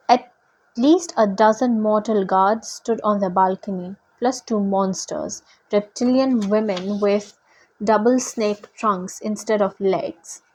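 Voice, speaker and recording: A woman reads a novel aloud at a slow, unhurried pace. Her pitch is of middle height and her reading stays steady and deliberate. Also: rough recording. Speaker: reader.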